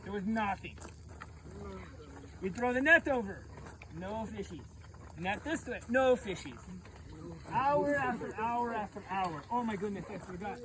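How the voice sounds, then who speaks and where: A woman youth pastor acting out a Bible story in the first person, animated and playful, talking straight to her audience. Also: mid-range voice, measured pace, pauses often, crowd noise, low-quality recording.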